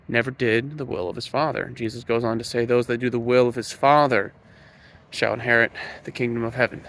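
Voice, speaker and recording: A man giving an earnest preaching monologue to camera, slow and emphatic, leaning on key words. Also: medium pitch, fairly bright tone. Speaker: Christian speaker.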